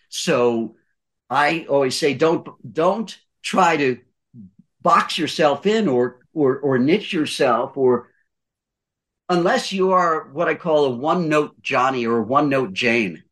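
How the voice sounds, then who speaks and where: An older man with a fairly high, slightly bright voice appears as a guest voice-over coach in a podcast conversation. He gives voice-over advice emphatically, repeating his points and asking rhetorical questions.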